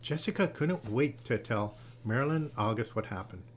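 A man gently and expressively reading a children's picture book aloud. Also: mid-range voice, expressive, moderate pace, slight background noise. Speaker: storyteller.

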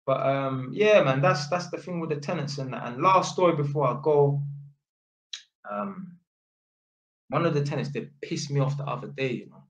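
Here a man with a fairly high voice, speaking at normal speed, tells a story to camera as an electrician would in a casual chat. He swears freely and leans on street slang like "innit" and "fam," recorded in an echoey space.

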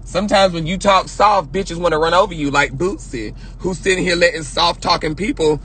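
Loud, sassy man streaming from home: high, bright voice that swings widely, cuts in with quick profane comebacks. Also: slight background noise. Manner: loud, projecting, sassy, profane, laughs often. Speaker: livestream host. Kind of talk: casual livestream rant.

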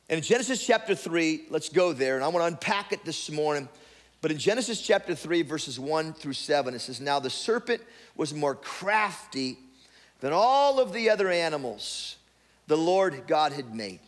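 A man preaches a Sunday sermon in a high voice, talking loosely and often restarting his phrases. His words ring out with a long reverb across a church sanctuary. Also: fairly bright tone. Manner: repetitive restarts, conversational preaching. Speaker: pastor.

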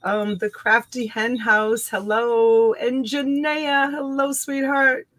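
A woman in her fifties hosts a casual live-stream auction, her voice a little high with little pitch movement, slow and dryly recorded. She warmly greets viewers by name, laughs often, and calls them honey and sweetheart.

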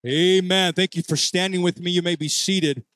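A man preaching a church sermon, calling for responses from the congregation and leading prayer in drawn-out phrases. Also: sits high, steady tone, fairly bright tone, no room sound. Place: church sanctuary.

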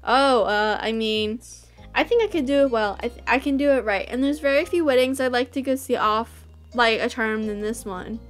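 A woman reading the lines of a courteous young male wedding planner in a visual novel, in a measured, formal manner. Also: on the high side, soft background music, natural voice. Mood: polite.

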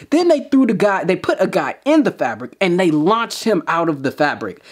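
A man hosting a reaction video, talking in an excited, slangy way and tripping over his own restarts. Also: fairly high pitch.

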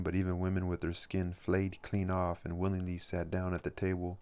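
A man reading a classic novel aloud as an audiobook, in steady, measured narration. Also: deep voice, clean tone. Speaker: reader.

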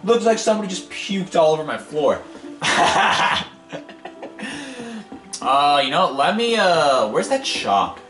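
A man's voice: a little high, sing-song, slow, fairly bright tone. A man giving casual, rambling gameplay commentary as a let's play host, impatient and wisecracking. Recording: echoey room, game music behind.

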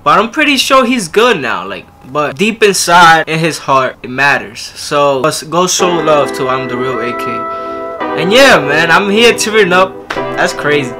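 A young man, hosting a casual reaction video in an excitable, slangy way. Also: on the high side. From New York City. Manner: excitable and slangy, lots of interjections.

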